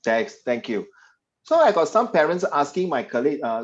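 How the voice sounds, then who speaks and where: Singaporean male tutor, chatty teasing delivery, slightly high voice, lo-fi video call audio. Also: very animated, moderate pace. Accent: Singaporean English. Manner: chatty, teasing, puts on voices of parents and students. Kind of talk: online class teaching.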